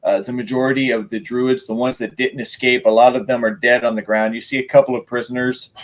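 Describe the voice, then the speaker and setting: A man running a tabletop role-playing game as game master, describing scenes in an animated way and often repeating words. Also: medium pitch, a little fast. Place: home streaming setup.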